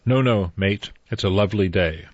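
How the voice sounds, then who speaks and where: A man putting on a low, husky, muttering middle-aged detective, clipped and practical, dull dry sound. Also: moderate pace, no room sound. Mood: soothing. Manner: muttering to himself, clipped plain talk. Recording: dull dry audiobook recording.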